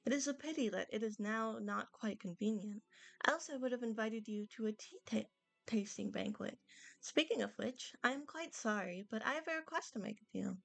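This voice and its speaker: A stately adeptus lady from a fantasy game speaks in courteous, slightly archaic phrases, as a woman reads her lines aloud. The voice sits a little high and carries a light gravelly edge, with a dry, close sound. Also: normal speed, no room sound, faint music behind. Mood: gentle formal. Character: serene, formal female adeptus spirit of the vale. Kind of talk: reading game dialogue aloud while playing.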